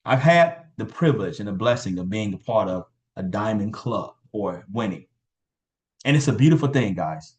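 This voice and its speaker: Man, call host, low voice, pumped-up, repetitive, video call audio. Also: lively intonation, moderate pace. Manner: hype-driven, repeats names and phrases. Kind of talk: motivational team call.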